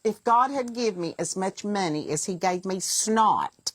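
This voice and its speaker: An older woman with a Southern US accent, telling family stories in a relaxed, folksy way on a podcast and chiming in with quick corrections. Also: mid-range voice, noisy background. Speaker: guest, the host's mother. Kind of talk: casual family chat.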